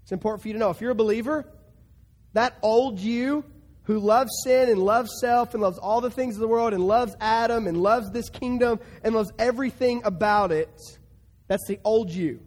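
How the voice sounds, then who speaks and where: A man preaching a sermon, emphatic, dropping low and quiet then breaking into loud bursts. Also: normal speed. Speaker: pastor. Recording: long hall reverb.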